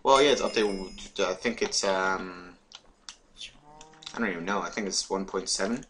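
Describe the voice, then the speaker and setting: A young man giving casual, excitable let's play commentary on a game, swearing and chanting words over and over. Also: sits low, normal speed, slight background noise. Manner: excitable, swears and sing-songs repeated words. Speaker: gaming YouTuber.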